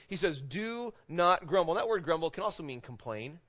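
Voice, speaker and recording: A man's voice: a little high, big pitch swings, brisk, hardly any pauses, fairly bright tone, lo-fi sound. A man preaching a sermon to his congregation in a casual, conversational way, often asking "right?". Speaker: pastor. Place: church sanctuary with congregation.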